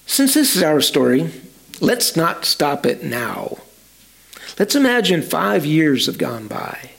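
A man telling a story in a sermon, slowly and dramatically, speaking directly to his listeners. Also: on the high side, sing-song, creaky, a bit bright. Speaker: storyteller preacher.

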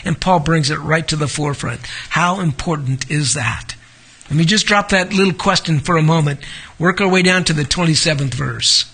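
A male preacher with a high, forceful voice works through a passage of scripture. He stops often to comment and asks his congregation pointed rhetorical questions. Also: normal speed, breathy edge. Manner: reads scripture aloud and comments in between. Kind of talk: expository sermon.

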